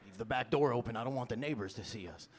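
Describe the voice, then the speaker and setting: This New York stand-up comedian in his 20s has a medium-pitched voice and talks fast. On a comedy club stage he keeps things loose and chatty, laughing at his own jokes and dropping "you know?" again and again in a lively set.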